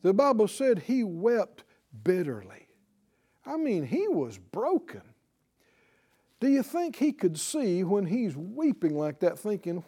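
A man preaching a sermon with passion, swinging from loud exclamations to hushed prayer and leading the listeners in a spoken prayer. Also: high-pitched, huge pitch swings, slow, slightly rough. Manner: leads congregation in spoken prayer.

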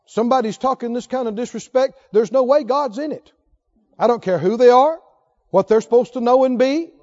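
A man's voice: extremely high pitch, fairly quick, darkish tone, lo-fi sound. A male pastor preaching emphatically, often putting questions to his congregation. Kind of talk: sermon.

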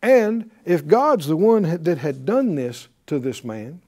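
A man teaching a Bible class in a fervent preaching style, breaking into hallelujahs and quick laughs. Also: a little high, sing-song, mellow.

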